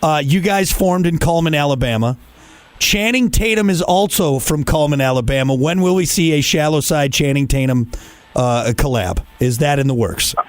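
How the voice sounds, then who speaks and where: Playful higher-voiced radio host. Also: male voice, moderate pace, dry recording. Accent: northern US. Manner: playful, laughing, excitable. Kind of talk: casual interview.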